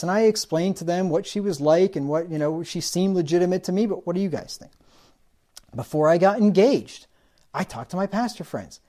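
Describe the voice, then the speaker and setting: A man's voice: high-pitched, expressive, fairly quick, a little mellow. A man preaching a sermon, asking rhetorical questions and acting out the words of the people he describes.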